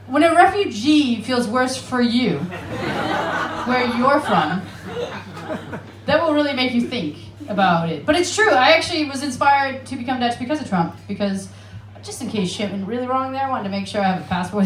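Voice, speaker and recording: An animated, higher-pitched woman's voice rings with reverb at a normal speed. She's an Alaskan with an American accent, working a comedy club stage in Amsterdam with a brash, profane, self-mocking routine full of laughing asides.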